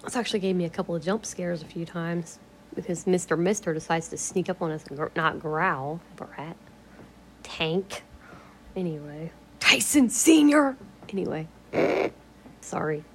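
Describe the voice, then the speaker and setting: A woman's voice: fairly low pitch, fairly even intonation, normal speed, a little hiss or hum. A woman vlogging at home in a casual, rambling way, swearing freely, laughing often and drifting into whispers.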